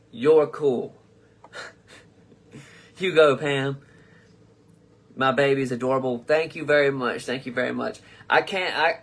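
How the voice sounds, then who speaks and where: A man's voice: fairly high pitch, a bit bright. A young man hosting his own live comedy stream, reading fan comments aloud and answering them in a rambling, profane, casual way. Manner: rambling and profane, with frequent restarts. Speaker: comedian host of a live show.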